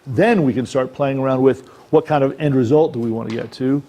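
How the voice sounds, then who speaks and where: A man's voice: medium pitch, fairly quick, warm tone, muffled recording. A man giving a talk on acting, speaking conversationally and checking in with his listeners. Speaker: acting coach. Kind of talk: workshop talk. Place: presentation room.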